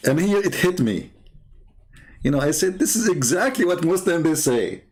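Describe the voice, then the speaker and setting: A man's voice: fairly high pitch, a little mellow, slightly rough. Mocking man laughing through a monologue. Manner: laughs often, repeats phrases, mocking. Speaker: commentary host.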